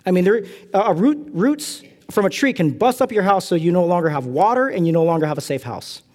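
A middle-aged man from California delivers a sermon in a fairly high-pitched voice. He tells animated, self-deprecating stories with lively asides. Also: fairly quick. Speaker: pastor.

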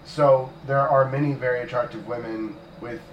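A man's voice: mid-range voice, fairly even intonation, normal speed, highs cut off. A man trades jokes and tells rambling stories in casual podcast banter. He is heard from some distance in an echoey room, with a faint hiss of noise underneath. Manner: joking, rambling storyteller. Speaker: podcast co-host.

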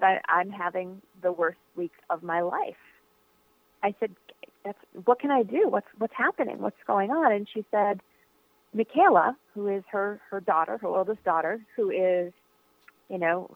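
Answering an interviewer's questions, this guest author tells a personal story in an earnest, thoughtful manner, often using fillers and restarting. Her voice sits at medium pitch, and the tinny phone line is dry with no room sound.

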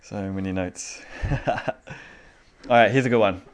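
A man's voice: lowish voice, unhurried, a little hiss or hum. A man preaching to a small indoor group in a casual, conversational way, acting out the inner voices of his listeners. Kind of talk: casual informal sermon.

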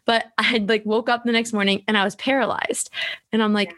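A woman's voice: on the high side, steady tone, a little fast, fairly bright tone. A young woman hosting a podcast, talking candidly in casual chat, full of fillers and the odd swear. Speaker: podcast host.

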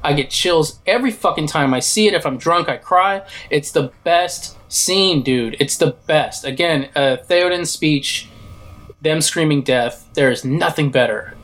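An excitable man on a casual film podcast, with a slightly higher voice. He swears freely and gushes about his favorite scenes. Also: unhurried. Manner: enthusiastic, swearing, acts out quotes. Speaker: podcast co-host.

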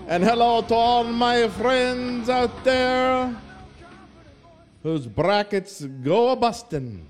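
A man's voice: very high voice, animated, soft background music, voice pushed up, exaggerated voice. A man putting on a hammy singsong Irish brogue. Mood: playful. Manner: singsong, drawn-out comic delivery. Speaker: podcast host.

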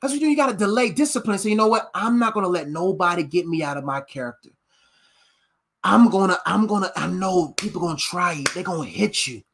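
A man preaching a sermon, telling humorous stories in a lively, conversational way with casual slang. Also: high-pitched, fast. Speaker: preacher and coach.

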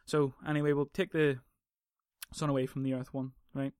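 A man's voice: mid-range voice, little pitch movement, moderate pace, a little mellow, smooth, no room sound, clean studio sound. A man hosting a podcast, talking off the cuff in a profane, heated rant that keeps drifting into tangents. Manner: profane, ranting, goes off on tangents; heated and emphatic. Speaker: podcast host. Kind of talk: casual monologue on arguing.

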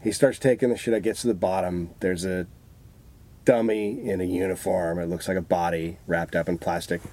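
A man in casual chat, telling profane, animated stories about his past work. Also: deep voice, normal speed. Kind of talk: casual storytelling.

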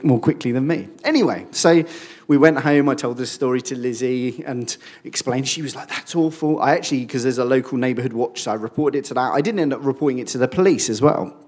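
A man, preaching a sermon and telling a personal story in a lively way, acting out the quoted speech. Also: mid-range voice, husky.

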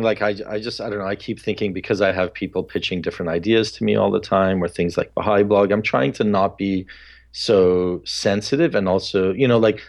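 A man's voice: lowish voice, a little mellow. A man hosting a casual podcast chat, talking candidly and reflectively with many fillers, his voice sometimes sounding harsh. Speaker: podcast host. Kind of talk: casual conversation.

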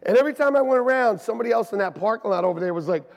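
A male pastor preaching a lively storytelling sermon. He acts out quoted voices and swings between loud and soft. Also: high-pitched, rapid-fire, gravelly, hardly any pauses. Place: church sanctuary. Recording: long reverb in a large church hall.

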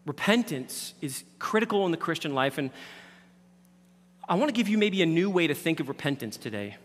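A man preaching a sermon as pastor, swinging from loud emphatic lines down to hushed near-whispers. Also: a little high, big pitch swings, fairly quick. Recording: reverberant hall.

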